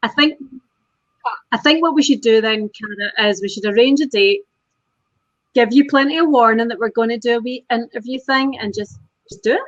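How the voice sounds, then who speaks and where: A woman's voice: fairly high pitch, moderate pace, no room sound, dull audio. A woman with a Scottish accent co-hosting a casual online chat, friendly and self-deprecating. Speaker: co-host.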